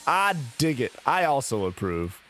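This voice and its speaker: A man's voice: mid-range voice, very animated, unhurried, a bit bright, soft background music. A drunk man streaming a game, rambling, swearing and chatting with his viewers. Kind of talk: casual live-stream chat.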